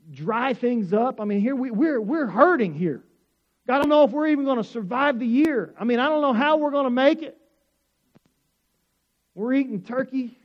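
High-voiced storytelling pastor. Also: male voice, highs cut off. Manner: animated, rising to excited shouts in the story. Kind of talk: storytelling sermon.

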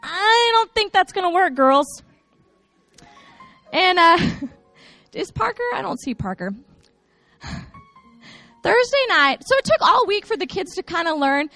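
High, bright-voiced woman telling church stories. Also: slow pace, pauses often, faint music behind. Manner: lively joking storyteller, turns earnest. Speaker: church children's ministry speaker. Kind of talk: humorous recap talk to a congregation. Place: church sanctuary with a stage.

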